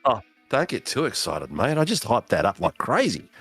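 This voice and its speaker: A man's voice: medium pitch, sing-song, moderate pace, fairly bright tone, slightly rough, soft background music. A man hosting post-race interviews for a sim racing broadcast, chatty and hyped up. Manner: hyped announcer, chatty, says mate a lot.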